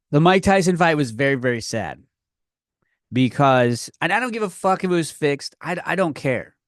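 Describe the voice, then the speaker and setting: A man's voice: a little high, expressive, moderate pace, dry recording, clean studio sound. A man hosting a comedy podcast, ranting with lots of profanity and stumbling restarts, recorded on his own podcast microphone. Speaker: podcast host. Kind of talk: comedic rant.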